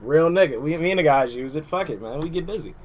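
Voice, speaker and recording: Animated man doing loud reaction commentary. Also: a little high, quick pace. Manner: loud, joking, slangy banter. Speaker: streamer reacting to a video.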